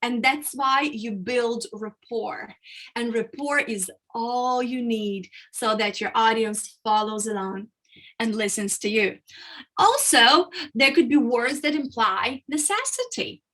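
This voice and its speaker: A woman public speaking coach leads a training session, explaining ideas step by step. Her voice sits high and bright, and she stresses key words and pauses to show how emphasis works. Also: lively intonation. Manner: explanatory, emphatic, uses vocal variety and pauses.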